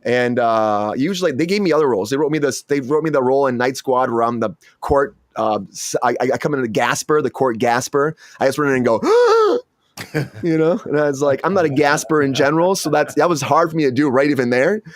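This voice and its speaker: Speaking fast with few pauses, an actor hosting the show chats casually and acts out quotes from his stories in a raised, high voice, like an animated storyteller. The studio sound is clean, with no room sound.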